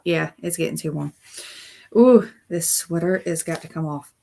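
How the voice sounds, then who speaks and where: A woman's voice: low voice, moderate pace, gravelly, warm tone. A young woman hosting a casual live stream, chatty and bubbly with frequent exclamations. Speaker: crochet channel host.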